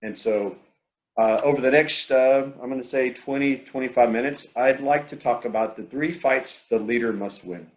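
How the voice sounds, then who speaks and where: Male presenter, mid-pitched, halting storyteller with lots of ums and restarts, online meeting talk. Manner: hesitant, many fillers and restarts, storytelling.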